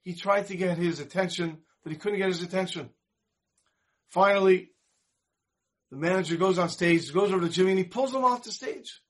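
A man teaching a Torah class, telling a moral story in an animated storyteller's manner. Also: sits high, moderate pace, long pauses. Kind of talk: storytelling lesson.

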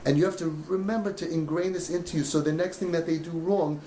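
A man talks to a room of parents with real passion, slipping into the voices of parents and kids. His voice sits fairly high. The room is echoey, with a faint hum of ambience behind him. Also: fairly even intonation, fast talker, mellow. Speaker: parenting coach speaking to parents. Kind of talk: emotional talk to a parents' group.

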